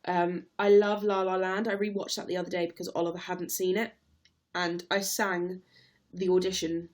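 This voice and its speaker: A woman's voice: lowish voice, level tone, moderate pace, darkish tone. Chatty young woman streaming. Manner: chatty, laughs readily, reads out viewer comments. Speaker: livestream host. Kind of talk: casual livestream chat.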